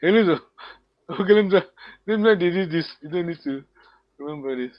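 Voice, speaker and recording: A man teaching an online language lesson, patient and encouraging, repeating words slowly for his students. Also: on the high side, no echo. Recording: dull lo-fi call audio.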